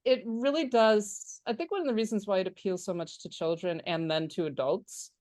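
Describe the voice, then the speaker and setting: Lively woman podcast co-host, very dry sound. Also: normal speed, dry recording. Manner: animated, acts out childish protests in a higher voice; frequent laughter and filler words. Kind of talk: casual film discussion.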